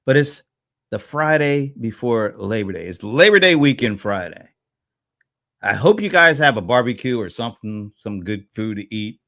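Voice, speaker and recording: A man hosting a live-stream panel chat, animated and playful, teasing his co-hosts. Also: mid-range voice, normal speed. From East Coast of the United States. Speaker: host.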